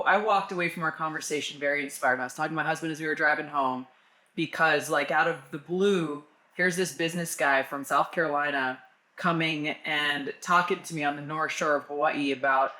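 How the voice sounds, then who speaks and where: A woman speaking as an interview guest, earnest and thoughtful, laughing along and pausing to find her words. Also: low-pitched, fairly even intonation, bright, forceful tone, echoey room. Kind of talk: casual interview.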